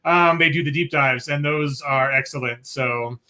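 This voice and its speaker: A man's voice: mid-range voice, normal speed, pushed and bright. A man hosting a casual livestream chat, joking and rambling with many fillers. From Colorado. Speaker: host.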